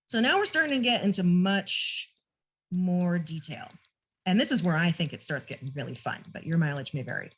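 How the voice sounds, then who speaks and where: A woman's voice: medium pitch, husky. Woman explaining bird sounds casually. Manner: casual, self-deprecating explaining. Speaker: naturalist presenter. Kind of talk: online training talk. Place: home room with a pet bird nearby.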